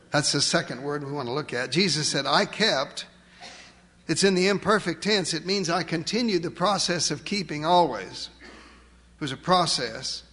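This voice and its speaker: A man preaching a sermon, emphatic, asking rhetorical questions and slowing down to stress key words. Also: high-pitched, a bit bright, long reverb tail. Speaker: pastor.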